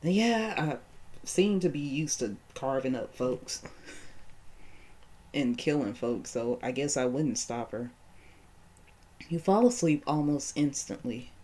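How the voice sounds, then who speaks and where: A woman's voice: rumbling low, animated, slow pace, long pauses, dark tone. A woman hosting a horror game playthrough, reading the text aloud and reacting with shocked exclamations and nervous laughs. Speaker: gaming channel host. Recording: game playthrough with music behind.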